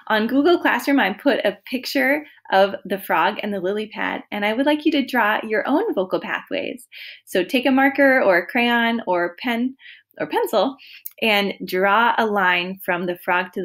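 Slow, lively-voiced woman music teacher. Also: mid-range voice. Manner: slow, encouraging, sings vocal slides on ooh. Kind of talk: remote lesson for young children.

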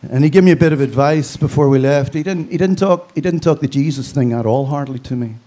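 A man's voice: fairly high pitch, quick pace, mellow. A man from Belfast with a Northern Irish accent, giving a eulogy with dry, storytelling humor. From Belfast, Northern Ireland. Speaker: funeral speaker.

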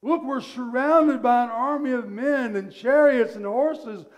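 A man voicing a panicked young male servant who shouts frantic warnings, high and loud. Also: unhurried.

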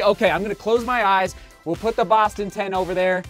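Male vlogger, high voice, a little winded, excitable unboxer. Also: moderate pace, soft background music. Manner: exclaims and gasps a lot. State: slightly out of breath. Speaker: running vlogger. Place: hot home studio.

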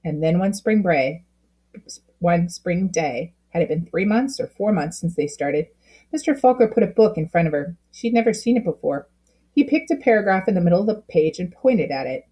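A woman reading a children's book aloud with expressive storytelling, slowing down at key moments. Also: mid-range voice. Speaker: storybook reader.

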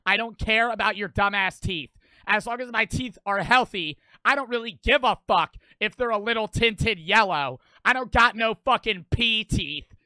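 A man's voice: sits high, normal speed, sharp tone, clean tone, no echo. A young man streaming a reaction video, with profane, mocking, rambling commentary.

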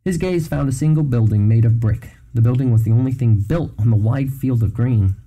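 A man reading a fantasy novel aloud in a measured storytelling manner. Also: mid-range voice, warm tone, rough recording. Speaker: narrator.

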